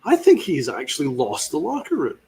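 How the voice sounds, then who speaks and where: A man's voice: on the high side, huge pitch swings, fairly quick, gravelly, mellow, a little hiss or hum. Fiery sarcastic man ranting about sports. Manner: fiery, sarcastic, swears a lot. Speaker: podcast host. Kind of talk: ranting sports podcast commentary.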